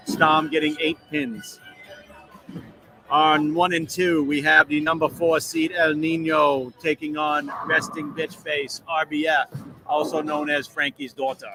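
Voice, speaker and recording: A man calls a bowling tournament from the booth in a jokey, upbeat way, his voice sitting a bit high. Music plays clearly behind him. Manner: jokey, drops into a mock British accent. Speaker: tournament commentator and show host. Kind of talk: live bowling commentary. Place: commentary booth at a bowling alley. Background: music playing.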